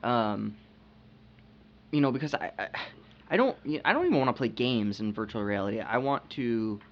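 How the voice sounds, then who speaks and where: A man's voice: medium pitch, lively intonation, moderate pace. Hesitant man on a lo-fi podcast. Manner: hesitant, repeats words, lots of fillers. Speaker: podcast co-host. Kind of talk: casual chat. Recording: dull lo-fi podcast audio.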